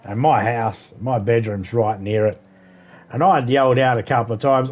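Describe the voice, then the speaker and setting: A man's voice: mid-range voice, moderate pace, muffled recording. A middle-aged man, chatting casually and swearing freely while streaming a game. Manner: profane, rambling storytelling. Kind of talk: casual chat while gaming.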